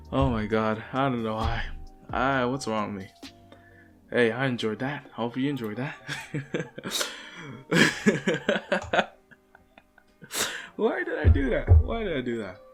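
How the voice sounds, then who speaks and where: A man's voice: mid-range voice, takes it slowly, long pauses, faint music behind. A young man casually narrating a fan story, rambling and giggly. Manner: rambling, giggly, self-conscious. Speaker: video storyteller.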